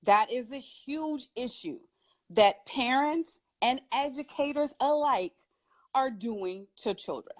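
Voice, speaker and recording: A woman who is a mother, speaking as a talk show guest and giving parenting advice in an emphatic, animated way, laughing often. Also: high voice, slow. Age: adult with children.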